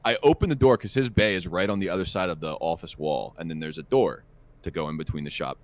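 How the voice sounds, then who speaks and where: A man with a very low voice co-hosts a casual podcast. He tells a rambling, profane and animated story about work. The sound is dry and close to the mic. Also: fast, no room sound. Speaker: podcast co-host. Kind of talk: casual chat.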